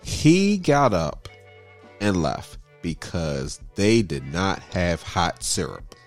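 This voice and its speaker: A man's voice: low voice, slow, faint music behind. A man telling a story in casual chat, acting out everyone he quotes. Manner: animated, acts out everyone in the story.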